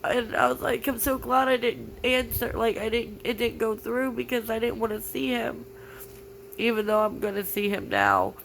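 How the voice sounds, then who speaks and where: A young woman vlogging through tears, halting and grief-stricken, with many "like" fillers. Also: fairly high pitch, expressive, gravelly, a bit bright, slight background noise, low-quality recording. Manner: halting, full of "like" fillers, grieving. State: tearful. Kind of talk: personal confessional vlog.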